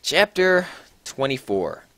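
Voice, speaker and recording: A man's voice: mid-range voice, big pitch swings, slow, pushed and bright, no room sound. A man giving a mocking, exaggerated comedic reading of fan fiction, swearing freely. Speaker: reader.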